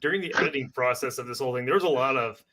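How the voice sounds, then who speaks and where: A man's voice: mid-range voice, racing, pushed and bright. A man chatting casually about working on a film shoot, laughing often and filling his talk with lots of "like". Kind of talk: casual chat.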